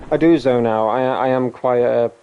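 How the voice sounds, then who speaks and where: Gravelly young man chatting on stream. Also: medium pitch, highs cut off. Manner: rambling, self-deprecating, laughs often. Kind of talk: casual live gameplay chat.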